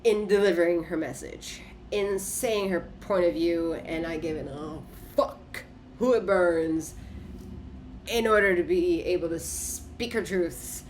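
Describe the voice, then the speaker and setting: A woman's voice: lowish voice, slow, a little hiss or hum. A woman giving a casual spoken tarot reading, talking emphatically and profanely, repeating short phrases for punch. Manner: emphatic, repetitive, profane, punctuated by laughter. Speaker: tarot reader.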